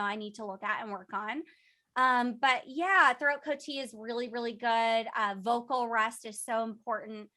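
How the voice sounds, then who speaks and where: A woman's voice: fairly high pitch, sharp tone. A young woman, a voice actress and singer, answering interview questions in a bubbly, emotional way with lots of fillers.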